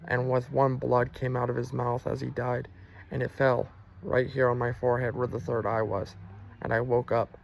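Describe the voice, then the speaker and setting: A man earnestly telling a personal religious testimony, halting often with fillers and restarts. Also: medium pitch, flat delivery, gravelly, slight background noise.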